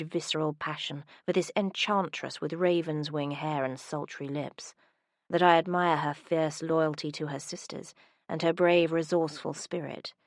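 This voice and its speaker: A woman voicing a low, murmuring rogue. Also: gravelly, no echo, clean studio sound. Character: charming roguish young nobleman.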